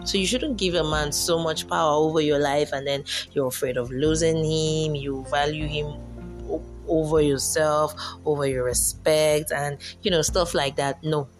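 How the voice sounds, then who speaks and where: A young woman chatting casually about relationships, acting out her own past self in quotes and laughing often. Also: sits low. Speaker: vlogger giving relationship advice. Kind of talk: casual storytelling monologue.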